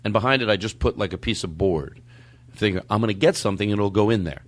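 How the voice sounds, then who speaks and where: A man hosting a podcast and telling stories in casual, joking chat, often acting out what people said. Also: quick pace. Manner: animated storyteller, jumps into silly high voices. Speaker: podcast host.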